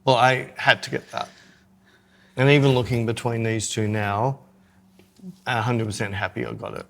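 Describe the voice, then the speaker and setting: A man's voice: medium pitch, flat delivery, normal speed, gravelly, a bit bright. A man co-hosting a podcast in casual chat, joking and self-mocking as he talks through his photography gear.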